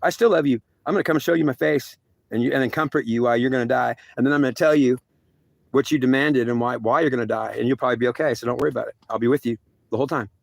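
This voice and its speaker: A man's voice: mid-range voice, steady tone, very fast, vocal fry, no room sound. A man voicing a stern male God who scolds a soldier at length, repeating himself and stumbling over restarts. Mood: solemn. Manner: repetitive, lecturing, stumbling restarts.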